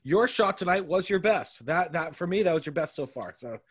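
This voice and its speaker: A man's voice: a little high, expressive, brisk. A man hosting a casual podcast chat, teasing his co-hosts with playful banter. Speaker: podcast host.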